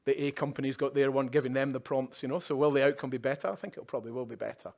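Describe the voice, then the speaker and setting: A man's voice: mid-range voice, very fast, gravelly, a little mellow. Male keynote speaker on a conference stage, chatty, drops wry asides and "yeah?" checks to the room. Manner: conversational, with tag questions and wry asides. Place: conference stage at a live event.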